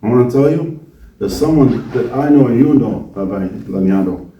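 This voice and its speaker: A man's voice: medium pitch, normal speed, recorded from a distance, highs cut off, slight background noise. A man, a visiting rabbi, giving a Torah talk to students, asking questions and answering them himself. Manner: animated, asks and answers his own questions. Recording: echoey room, speaker away from mic.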